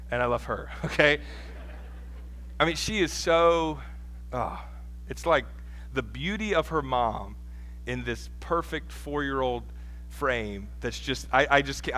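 A pastor in his thirties preaches in a casual, conversational way, weaving in personal stories, asides and laughs with self-deprecating humor. His medium-pitched voice sounds bright and forceful.

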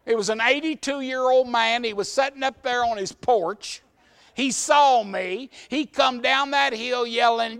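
Folksy high-voiced preacher. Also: male voice, measured pace, clean tone. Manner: folksy storyteller, acts out shouted quotes. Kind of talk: sermon storytelling.

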